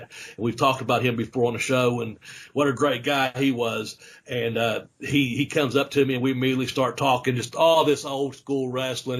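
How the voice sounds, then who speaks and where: A middle-aged former wrestler tells rambling stories on a podcast in a casual, chatty way, full of fillers and laughter. His voice sits at a medium pitch with a slightly bright quality.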